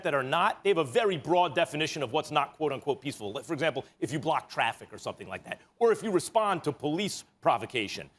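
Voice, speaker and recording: A man in a played clip explaining a political argument in a measured, argumentative way. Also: on the high side, sing-song, a bit bright.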